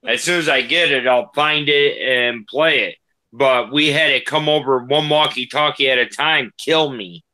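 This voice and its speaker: A man's voice: mid-range voice, steady tone, moderate pace, pushed and bright. A man, a paranormal investigator, telling ghost stories in a matter-of-fact way during a casual livestream chat.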